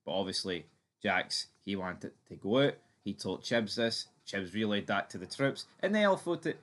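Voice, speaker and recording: A man's voice: on the high side, big pitch swings, moderate pace, a bit bright. A man hosting a fan theory channel, giving his opinion in a chatty, emphatic way with some swearing. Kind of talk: casual opinion commentary.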